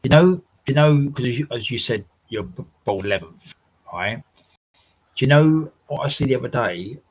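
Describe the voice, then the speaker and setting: In a rough recording, a livestream host chats casually from his house, reading viewer comments, rambling, laughing often and swearing at times. He has an expressive mid-range voice with a breathy edge and a moderate pace.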